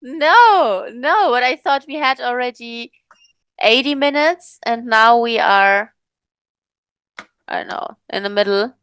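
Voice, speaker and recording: A woman's voice: a little high, measured pace, pauses often, fairly bright tone, clear, resonant tone, no echo. A woman co-hosting a podcast in casual chat, thoughtful and rambling, with many fillers and restarts. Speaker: podcast co-host.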